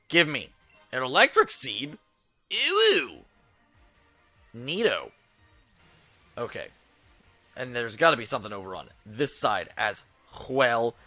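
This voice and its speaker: A man casually commenting on a game he is playing, joking at his own expense in a bright, lively voice. He is recorded dry on a close mic, with faint music playing underneath. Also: a little high, no echo. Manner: laid-back and jokey, laughs at himself. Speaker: let's play host.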